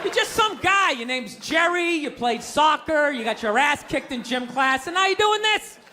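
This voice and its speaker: A man doing a stand-up routine on a comedy club stage, ranting loudly and exasperatedly with plenty of profanity. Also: very high-pitched, expressive, normal speed. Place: comedy club stage before a live audience. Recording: live stage recording with crowd laughter and noise.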